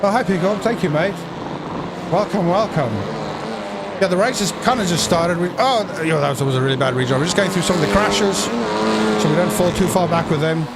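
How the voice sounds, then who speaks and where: A man giving jokey, excitable live commentary on a sim race, breaking into shouts at crashes. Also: high voice, moderate pace, creaky, very noisy.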